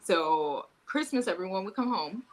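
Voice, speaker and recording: A young adult woman, a podcast guest telling a story in casual chat, animated and laughing, swearing freely and acting out the people she quotes. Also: medium pitch, moderate pace, rough recording.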